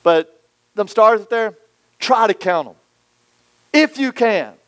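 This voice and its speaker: Animated preacher man, dry close sound. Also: high voice, takes it slowly, no echo. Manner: storytelling, animated, acts out quoted voices. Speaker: pastor. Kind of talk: sermon.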